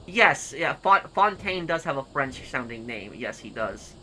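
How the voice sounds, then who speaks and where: A man streaming and reading comments aloud in casual chat, halting and repeating words as he goes. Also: mid-range voice, very animated, pushed and bright, slight background noise, low-quality recording.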